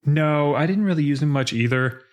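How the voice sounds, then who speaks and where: A man's voice: a little high, fairly quick. A man co-hosting a podcast, chatting casually about a game he played and acting out quoted lines with laughs. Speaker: podcast co-host. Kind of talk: casual chat recapping a game.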